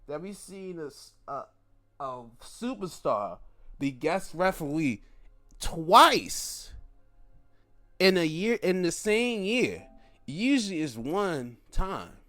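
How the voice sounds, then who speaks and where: Guy recapping wrestling, kinda high voice, loud and cussing, fake outraged. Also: slow pace. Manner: excitable, profane, mock-outraged. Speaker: wrestling show reviewer. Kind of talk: casual commentary.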